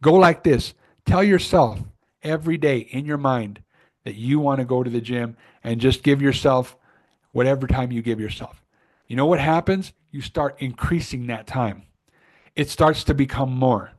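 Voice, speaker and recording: A man's voice: mid-range voice, normal speed. A man co-hosting a podcast in casual motivational chat, talking in an earnest, emphatic, coaching way. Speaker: podcast co-host.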